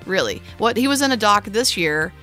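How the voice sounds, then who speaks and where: A woman's voice: medium pitch, animated, brisk, bright, forceful tone, soft background music. A woman co-hosting a podcast, telling a story in a chatty way, trailing off and restarting as she goes. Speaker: podcast co-host. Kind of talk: casual chat.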